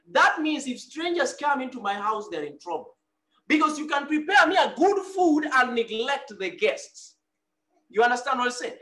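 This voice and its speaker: Male preacher, very high-pitched, bright and forceful, quizzes the congregation as he goes. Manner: preaching with call-and-response questions. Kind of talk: sermon.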